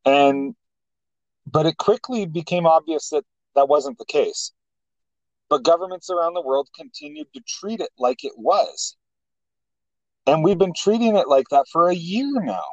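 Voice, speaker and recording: A man, co-hosting a casual political talk show, speaking haltingly with many restarts. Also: on the high side, big pitch swings, no echo, muffled recording. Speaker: co-host.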